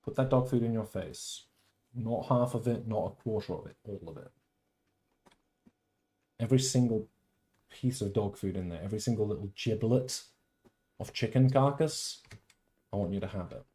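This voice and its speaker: A man hosting a casual game livestream, talking theatrically and swinging from loud outbursts to mock-tender murmurs. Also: on the low side, moderate pace, long pauses. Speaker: livestream host. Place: at home.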